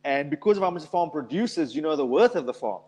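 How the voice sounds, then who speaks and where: A man's voice: on the high side, expressive, quick pace, darkish tone. A man giving a motivational talk on investing, emphatic and telling stories. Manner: emphatic, storytelling with acted quotes. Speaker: investment speaker.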